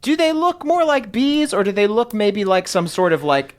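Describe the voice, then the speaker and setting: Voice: mid-range voice, expressive, normal speed. A player in a tabletop game asking curious, wry questions in casual chat.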